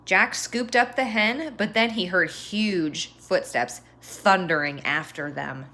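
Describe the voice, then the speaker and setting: A woman reading a children's story aloud with expressive delivery and sound effects. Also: mid-range voice, slow, a little hiss or hum.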